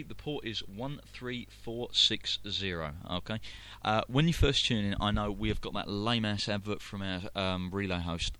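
A man's voice: on the low side, pushed and bright. A man with a London accent hosting a live internet radio show, rambling through announcements with many fillers and restarts. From London, England. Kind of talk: casual live radio chat.

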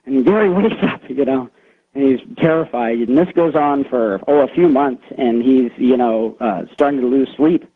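Over a tinny radio phone line with slight background noise, a man calls in and recounts an eerie story he heard from someone else. He speaks at a moderate pace in a medium-pitched voice, meandering and filling gaps with plenty of fillers.

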